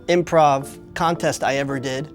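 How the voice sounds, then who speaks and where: A man's voice: mid-range voice, steady tone, unhurried, soft background music. A man, a stand-up comedian, talking casually in a cocky, joking way. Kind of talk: casual interview.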